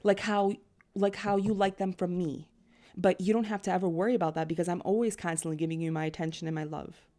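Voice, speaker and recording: Young woman, casual reader, rambles with fillers, low warm tone. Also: steady tone, fast talker. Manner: rambling, chatty, full of "like" and "you know". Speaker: tarot and astrology reader. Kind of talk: casual collective reading.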